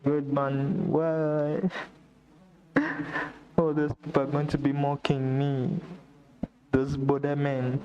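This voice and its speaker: A man's voice: medium pitch, monotone, slow, long pauses, muffled recording. A man from Uganda, speaking on a live vlog stream in a despairing, repetitive lament addressed to God. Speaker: vlogger. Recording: noisy background with clicks.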